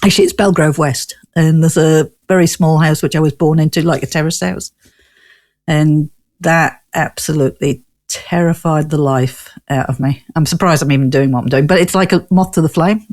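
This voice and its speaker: A woman's voice: low voice, steady tone, normal speed, a little mellow. Chatty northern English woman. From Newcastle, England. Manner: chatty, laughs often, rambling storyteller. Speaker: guest, ghost tour owner. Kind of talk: casual interview chat.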